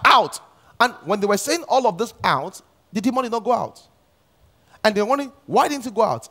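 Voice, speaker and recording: A man preaching a sermon, reading scripture and pressing his point with emphatic repetition. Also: high voice. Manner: emphatic, repeats key lines, slows down to stress scripture.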